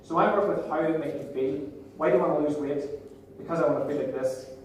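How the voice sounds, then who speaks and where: A Northern Irish man in his thirties speaks fast in a slightly high voice with a darkish tone, giving a playful, joking motivational seminar to a live audience and directing them. The sound is distant and echoey, from a large hall, with background noise.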